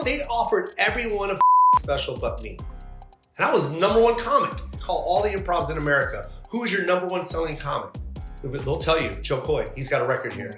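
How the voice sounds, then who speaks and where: A man's voice: sits high, roomy sound. A male comedian talking in an interview, emphatic and indignant, with a lot of swearing. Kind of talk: animated interview talk.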